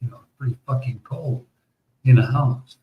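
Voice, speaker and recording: A man's voice: mid-range voice, normal speed, muffled recording. An American man telling a long, rambling story in casual chat, swearing often and restarting his sentences. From United States. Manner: rambling, profane, lots of restarts and fillers. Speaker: podcast host.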